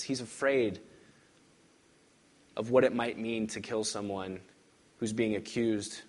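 A male pastor preaching a sermon and reading scripture aloud, pressing hard on key words and then dropping to hushed, quiet lines. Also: lowish voice. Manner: emphatic, swings from loud stresses to hushed lines.

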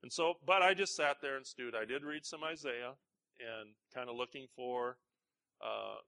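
A man, a pastor, preaching a conversational sermon, telling a personal story with self-deprecating humor and halting restarts. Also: mid-range voice, creaky, bright, forceful tone.

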